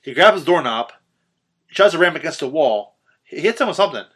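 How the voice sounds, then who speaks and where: A man on a podcast excitedly retelling a horror film's ending in casual, profanity-laced chat, full of ums and restarts. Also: a little high, brisk, husky. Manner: animated retelling, swearing, filler-heavy. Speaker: podcast host. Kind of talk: casual film recap chat.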